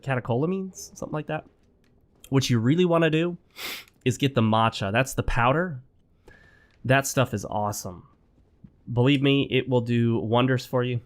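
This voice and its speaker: A man hosting his own gaming channel, chatting casually and with strong opinions while he plays, sounding a bit sick. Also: mid-range voice. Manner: rambling, opinionated, talks straight to viewers. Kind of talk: casual gameplay commentary. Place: home.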